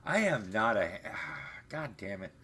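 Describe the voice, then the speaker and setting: A man's voice: fairly low pitch, unhurried, creaky, fairly bright tone. A man hosting a livestream from home, chatting in a rambling, profane, meandering way. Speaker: livestream host. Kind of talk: rambling live-stream chat. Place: home, off camera.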